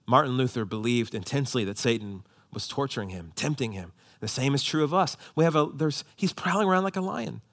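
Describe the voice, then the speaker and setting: A man preaching a sermon, swinging between hushed, low emphasis and loud, high-pitched exhortation. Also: expressive, brisk, hardly any pauses. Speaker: pastor.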